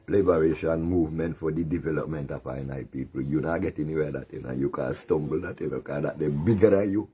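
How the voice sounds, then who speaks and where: Deep husky man with a Caribbean creole accent. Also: mellow. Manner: taunting, sermonizing, laughs at his target. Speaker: commentary show host. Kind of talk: mocking political commentary.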